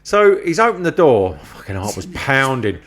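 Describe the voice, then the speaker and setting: A man's voice: mid-range voice, normal speed. A man telling a long, sweary anecdote in casual chat, acting out the other people in his story. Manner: swearing, animated anecdotes with acted-out quotes. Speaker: podcast host.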